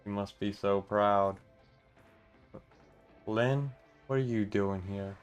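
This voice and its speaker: A man reading every part of a game story aloud in a steady, mostly plain voice, breaking off now and then for casual asides. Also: on the low side, takes it slowly, clear, resonant tone, dull audio, faint music behind.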